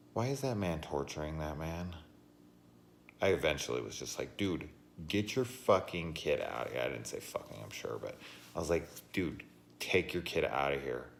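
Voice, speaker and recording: A man telling profane, animated stories in a casual vlog rant, laughing as he goes. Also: rumbling low, vocal fry, slight background noise. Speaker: horror movie reviewer.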